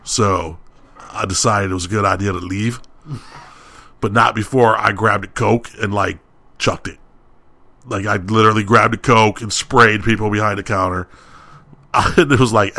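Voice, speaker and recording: A man's voice: fairly low pitch, steady tone, normal speed, long pauses. Man ranting through a heated story. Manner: heated, ranting retelling with quoted shouting. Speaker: podcast co-host. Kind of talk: casual storytelling.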